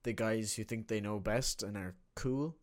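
A young man in casual chat, telling an animated story and laughing often. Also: fairly low pitch, moderate pace.

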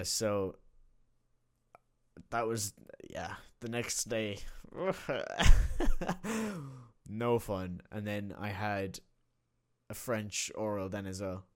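A young man in casual chat, telling an animated story and laughing often. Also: fairly low pitch.

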